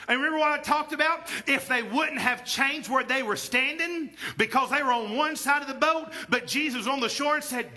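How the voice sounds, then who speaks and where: A man's voice: very high voice, normal speed, few pauses. A man, a pastor preaching a sermon in church and calling for amens from the congregation. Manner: call-and-response preaching, rising to shouts. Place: church sanctuary.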